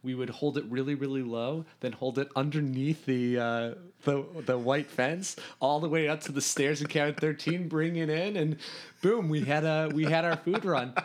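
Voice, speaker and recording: A man from Hungary, a podcast guest, telling a story in an animated, rambling way with lots of restarts. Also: on the high side, normal speed. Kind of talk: casual storytelling.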